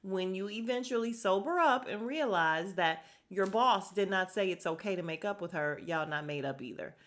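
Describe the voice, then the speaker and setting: A woman's voice: medium pitch, lively intonation, normal speed, a bit bright. A woman hosting a casual podcast recap of a reality show, chatty and blunt, with an exasperated edge.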